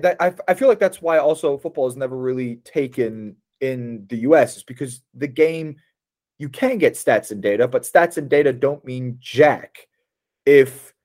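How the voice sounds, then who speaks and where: A man co-hosting a casual football podcast, animated and opinionated, laughing often. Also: medium pitch. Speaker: podcast co-host.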